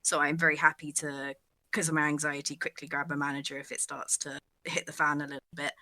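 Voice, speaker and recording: A British woman with a British English accent chats casually as an interview guest, self-deprecating and quick to laugh. Her slightly low voice has a bright, forward edge. The sound is close and dry, with no room around it. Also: flat delivery, dry recording. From Britain. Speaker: guest streamer.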